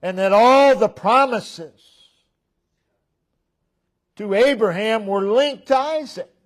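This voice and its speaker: A man gives a sermon as pastor in a church sanctuary. The preaching is deliberate and slow, rising when he emphasizes something and dropping softly low at the end of each phrase.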